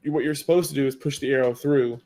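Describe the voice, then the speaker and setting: A man's voice: medium pitch, steady tone, fast talker, a little mellow. A man co-hosting a casual podcast, telling an anime episode's story in a rambling way with many fillers and quoted lines. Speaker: podcast co-host.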